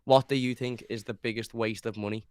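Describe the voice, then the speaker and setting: A young man trades teasing banter on a casual podcast. His voice is smooth and clean, in the middle of the range for a man. The recording is close and dry. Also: mid-range voice, fairly even intonation, brisk, no room sound. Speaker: podcast co-host. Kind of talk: casual chat.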